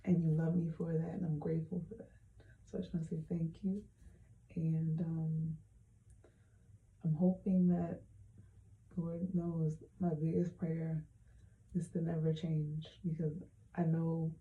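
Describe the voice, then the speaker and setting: A woman speaking a heartfelt personal message into her hand-held phone, soft and halting with many pauses, close to tears. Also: low-pitched, little pitch movement, roomy sound, phone-quality sound. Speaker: vlogger.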